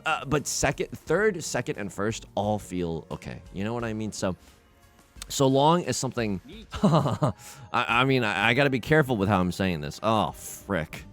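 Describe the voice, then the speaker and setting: Young male gaming host, lively swinging pitch, stammers and restarts, faint music under voice. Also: moderate pace. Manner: animated, self-mocking, frequent stammered restarts. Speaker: gaming YouTuber. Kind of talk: live gameplay commentary.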